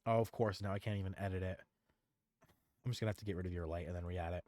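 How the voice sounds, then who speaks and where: A man narrating a tabletop game as dungeon master, telling the story in animated, quick bursts. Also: sits low, no echo.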